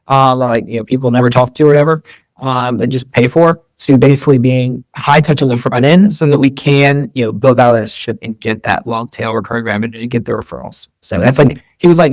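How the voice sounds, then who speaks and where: A man's voice: medium pitch, steady tone, a little fast, no echo. A man being interviewed as a guest, talking casually and rambling, with lots of fillers and restarts. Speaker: guest entrepreneur.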